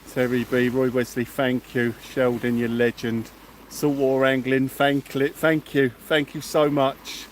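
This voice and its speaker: Male angler hosting a night livestream, gushing thanks to viewers, middle pitch, light background noise. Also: flat delivery, a little slow. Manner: effusive, thanks viewers by name. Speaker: fishing livestream host. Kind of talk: excited livestream chat. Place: outdoors at night by the sea.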